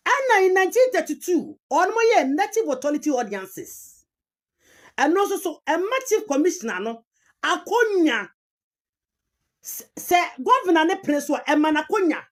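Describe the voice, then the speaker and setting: A woman with a Ghanaian accent giving emphatic commentary, repeating key terms and mixing languages as she argues a point. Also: very high-pitched. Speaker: commentator on chieftaincy history. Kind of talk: argumentative online commentary.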